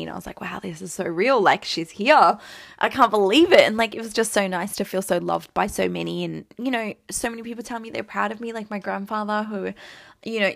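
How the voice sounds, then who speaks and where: A young woman in her twenties tells a personal story in a loose, chatty way, dropping "like" everywhere and acting out her own quotes. Her voice has a gravelly fry at a middling pitch. The sound is dry and close. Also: no echo. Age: 20s. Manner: chatty, full of "like" and quoted asides. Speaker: new mother telling her birth story. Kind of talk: casual storytelling.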